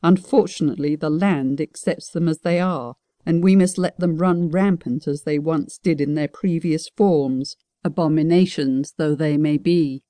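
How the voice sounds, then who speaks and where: A proud dragon elder who sneers at the king, as a woman narrator voices him. The tone is mellow and the recording is dry and close. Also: sits low, measured pace, hardly any pauses, no echo. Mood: scornful. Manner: accusing, challenging.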